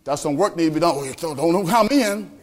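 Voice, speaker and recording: A man's voice: on the high side, expressive, fairly quick, pitched below the performer's own voice. A man voicing a reluctant male churchgoer who hesitantly makes excuses, stammering and evasive.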